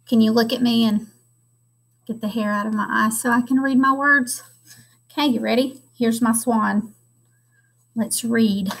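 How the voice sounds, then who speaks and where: An elementary school teacher, a woman, reading a children's chapter book aloud with expressive storytelling. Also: fairly high pitch, gravelly.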